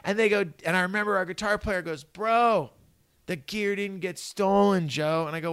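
A man's voice: sits high, moderate pace, clear, resonant tone, no room sound, clean studio sound. A middle-aged man from Northern California telling stories in a casual conversation, swearing freely and acting out what people said. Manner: animated, profane, acts out quoted dialogue. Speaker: guest.

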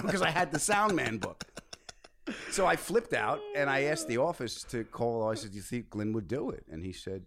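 A man telling stories as a podcast guest, excitable and bursting into loud shouts as he relives moments. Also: mid-range voice, moderate pace, creaky. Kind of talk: casual storytelling chat.

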